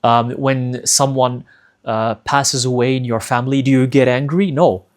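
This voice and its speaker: A man with a voice of ordinary pitch delivers a spiritual advice monologue. He speaks earnestly and directly to his viewers. He repeats key lines for emphasis and leans on rhetorical questions. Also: fairly even intonation, measured pace. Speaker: spiritual teacher.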